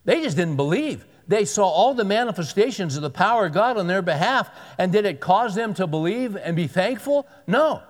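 A pastor preaching a sermon in a conversational, emphatic way, repeating key words for weight. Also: male voice, sits high, animated, normal speed, hardly any pauses. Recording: long hall reverb.

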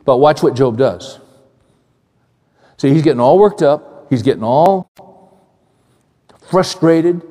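A male pastor preaching a sermon in a conversational, animated way, repeating phrases and asking the congregation questions. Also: a little high, slow, long pauses. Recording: long hall reverb.

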